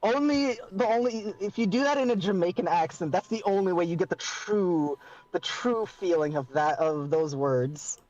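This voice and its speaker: A man running a tabletop game as game master, joking and excitable, quick to curse. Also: high-pitched. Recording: dull lo-fi recording with faint music.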